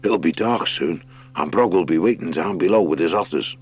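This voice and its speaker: A man voicing an old male boxing hare who gives brisk orders in a storybook reading. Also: sits low, slightly rough.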